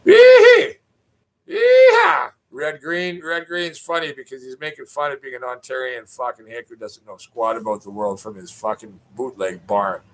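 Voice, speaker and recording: A man's voice: medium pitch, fairly even intonation, moderate pace, few pauses, sharp tone, poor audio. A middle-aged Canadian man ranting in a rambling spoken monologue, cursing freely and mimicking other people in raised voices. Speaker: poet.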